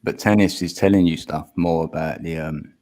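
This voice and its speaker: A man with a Cockney accent in a relaxed casual chat, easygoing and quick to laugh along. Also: rumbling low. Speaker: chat participant.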